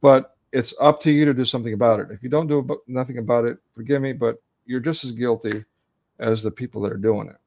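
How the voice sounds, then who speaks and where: A man's voice: medium pitch, fairly even intonation, fast, a little mellow, muffled recording. A man in his forties, co-hosting an online talk on a video call, speaking earnestly and getting emotionally charged, often restarting his sentences. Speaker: co-host. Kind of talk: casual online discussion.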